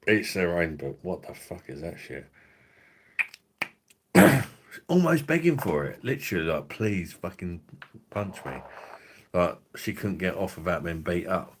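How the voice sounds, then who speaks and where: Deep-voiced man, crude rambling chat. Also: very animated, unhurried, slight background noise. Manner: crude, rambling, heavy swearing. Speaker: livestream host. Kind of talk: casual livestream chat.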